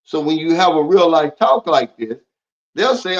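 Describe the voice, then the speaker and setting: A man's voice: on the high side, lively intonation, moderate pace. Blunt man on a lo-fi livestream. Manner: blunt, preachy, reads out viewer comments. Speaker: livestream host. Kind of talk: casual livestream talk.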